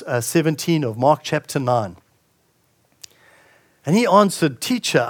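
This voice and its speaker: A male pastor preaching a sermon, reading scripture aloud and commenting on it with frequent restarts. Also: a little high.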